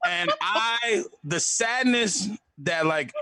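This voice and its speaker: A young adult man telling a comic story in a live storytelling show, animated and acting out other voices. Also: sits high, drawn-out words, no echo. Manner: animated, acts out voices in a loud hype.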